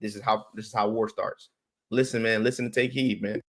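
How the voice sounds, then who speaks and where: A man's voice: lowish voice, fairly even intonation, a little fast, a bit bright. A man streaming a heated commentary rant, blunt and profane, who repeats his words and restarts sentences as he presses his point.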